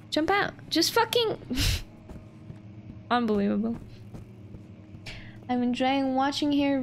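Young woman streamer, high pitched, unhurried, playful and sweary, chats with viewers. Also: a bit bright, a little hiss or hum. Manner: playful, sweary, giggly, talks to chat. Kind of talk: casual gameplay commentary.

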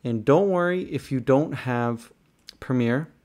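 Young-sounding guy, mid pitch, casual tutorial host, talks straight to viewers, slightly exasperated. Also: measured pace, a little mellow. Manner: frustrated, rambling, talks to viewers directly. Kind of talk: casual screen-recorded tutorial.

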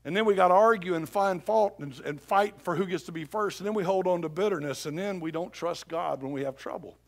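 High-voiced preacher, swinging loud and hushed. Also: male voice, fairly quick. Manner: swings from hushed scripture reading to loud shouted exhortation. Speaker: pastor. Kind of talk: sermon. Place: church sanctuary.

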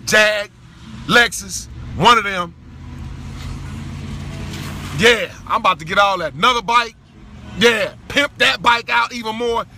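A man recording himself in his car, talking in an exuberant, shouting, whooping way with preacher-like exclamations. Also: sits high, a little hiss or hum. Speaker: vlogger. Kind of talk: excited celebratory monologue. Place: inside a car. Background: faint music playing.

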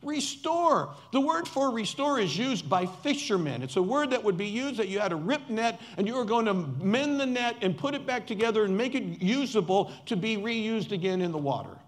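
A man's voice: high voice, lively intonation, normal speed, hardly any pauses. A man preaching a sermon as pastor, emphatic and repeating key words for stress, with playful asides.

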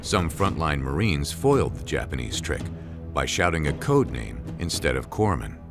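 A man narrates a history documentary in an extremely deep, low voice. His delivery is measured and solemn, and music plays clearly underneath him. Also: big pitch swings. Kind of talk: scripted narration.

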